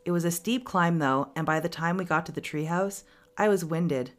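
A woman with a very low voice narrates a story aloud as a podcast host. Her reading is steady and expressive. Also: moderate pace.

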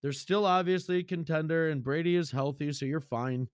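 A man's voice: fairly high pitch, fairly quick, dry recording, clean studio sound. A man hosting a sports podcast, talking in a chatty, loose and sometimes profane way. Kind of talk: casual sports podcast talk.

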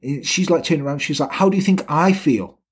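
A man's voice: on the high side, lively intonation, fast talker, husky. A man casually tells a true crime story on a podcast, swearing a lot and acting out what the people in it said. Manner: swears often, acts out quotes of the people in the story.

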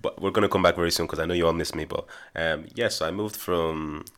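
A man's voice: low voice, fairly even intonation, fast, a bit bright. A young man from Ireland co-hosting a podcast in an easygoing, joking way. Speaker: podcast co-host. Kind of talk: casual podcast chat.

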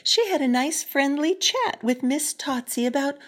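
A woman reading a children's storybook aloud in a soft, often whispery, expressive voice. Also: high-pitched, unhurried. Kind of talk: storybook read-aloud narration.

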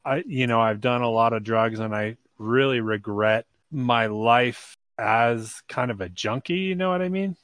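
A man co-hosting a casual podcast, talking wryly and candidly in an ordinary mid-pitched voice. His voice sounds dry and close, with no room around it. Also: a little slow, hardly any pauses, fairly bright tone, no echo. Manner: wry, candid, laughs along. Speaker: co-host. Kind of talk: casual chat.

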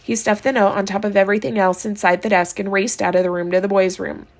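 A woman reading a chapter of a novel aloud, narrating in a steady, unhurried way. Her voice sits at a middling pitch. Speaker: audiobook reader.

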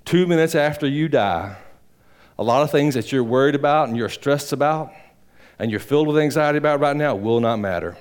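A male pastor preaching a sermon in church, swinging between loud emphatic peaks and low quiet asides, with a rambling, folksy delivery. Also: expressive, a little fast, clear, resonant tone. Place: church sanctuary.

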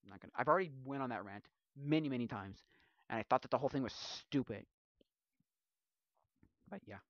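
Man ranting with a lively, swinging voice. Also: medium pitch, fairly quick, dry recording, lo-fi sound. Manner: mumbles while reading, then rants loudly with mocking put-on voices. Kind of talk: casual commentary, reading aloud and ranting.

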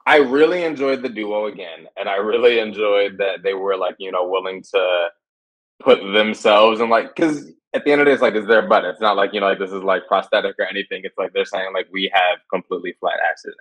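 A man on a podcast panel with a somewhat low voice. He talks enthusiastically and loosely, leaning on fillers as he works through his thoughts. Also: brisk, fairly bright tone, rough recording. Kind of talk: casual chat.

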